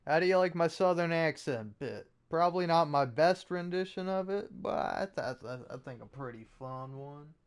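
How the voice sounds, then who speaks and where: A man's voice: fairly high pitch, animated, moderate pace, few pauses, smooth. A man hosting a podcast, ranting in a casual, comedic way with rambling, profane, exasperated talk. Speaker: podcast host.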